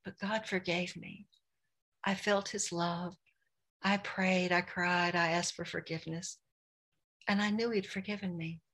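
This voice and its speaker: A woman's voice: mid-range voice, fairly bright tone. A middle-aged woman giving an earnest, confessional devotional talk about faith, speaking her prayers aloud.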